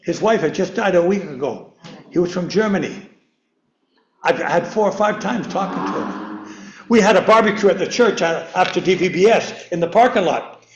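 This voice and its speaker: An older man preaches a loose, rambling sermon, tripping over and repeating his words and chuckling at himself. His voice sits high, and the chapel around him rings with echo. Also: lively intonation, moderate pace, dull audio. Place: church chapel. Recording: echoey room.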